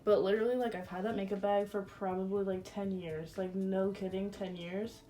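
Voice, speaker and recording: This beauty vlogger, a woman in her twenties, does a get-ready-with-me chat at home in a warm, mid-range voice with flat delivery at a moderate pace. She's chatty and crude, with "like" filling every gap.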